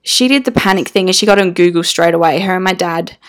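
A woman's voice: fairly low pitch, fast talker. A young woman speaking as a mother, telling her family's story in a candid, emotional way with casual slang and fillers.

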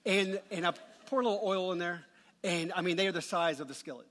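Middle-aged male pastor, a touch high-pitched, humorous conversational sermon storyteller, church hall reverb. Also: fast talker, fairly bright tone.

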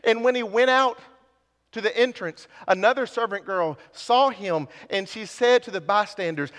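A man's voice: very high voice, moderate pace, fairly bright tone. A man preaching a sermon, building with repeated phrases and dropping to near whispers. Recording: long hall reverb.

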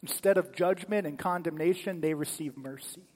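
A male pastor giving a sermon as animated, dramatic storytelling in a church sanctuary. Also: on the high side, normal speed, in a large hall.

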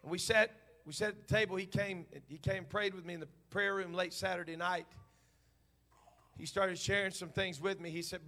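Man, preacher, sermon in church, high-pitched, fervent delivery. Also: fairly even intonation, moderate pace. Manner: fervent, swings from quiet storytelling to shouted preaching.

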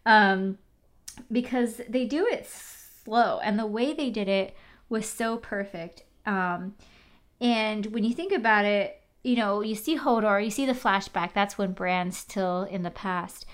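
A woman in casual recap chat, animated, swearing and using many fillers. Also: medium pitch, unhurried.

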